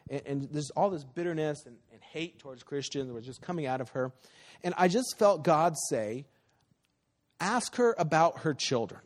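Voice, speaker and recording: A man delivers a sermon from the pulpit, his voice a little high for a man. He preaches conversationally, slipping into the voices of the people in his stories. The sound rings with a long reverb from a large church hall. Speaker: pastor. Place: church sanctuary.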